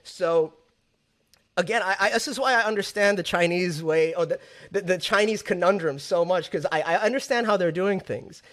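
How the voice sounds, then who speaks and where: A man in his thirties from Southeast Asia, a podcast guest talking in an animated, casual way and often repeating words as he builds a point. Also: high voice, moderate pace. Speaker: podcast guest, music label owner. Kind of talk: casual conversational interview.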